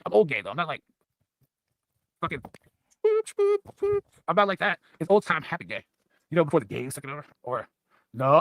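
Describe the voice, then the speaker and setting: Fast-talking tipsy man rambling on stream. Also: fairly high pitch, a bit bright, no echo, clean studio sound. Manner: loose, profane, tipsy rambling. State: a bit drunk. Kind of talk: rambling casual stream chat.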